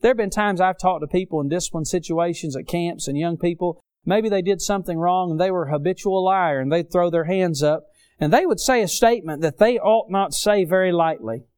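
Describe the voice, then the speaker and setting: A man preaching a sermon, rising loud on key phrases and dropping low for stories. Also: a little fast, clear, resonant tone. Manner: impassioned, swells loud on key phrases then drops low.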